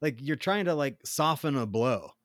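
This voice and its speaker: A man's voice: medium pitch, expressive, moderate pace, no echo, studio quality. A man co-hosting a podcast in casual chat, rambling through examples and acting out friends' lines in funny voices. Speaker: podcast co-host.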